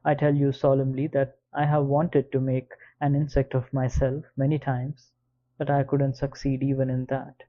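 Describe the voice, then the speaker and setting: A man reads a first-person audiobook at a measured, even pace. His pitch is mid-range and barely moves. The recording sounds slightly dull and lo-fi. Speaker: audiobook narrator. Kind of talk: scripted audiobook narration.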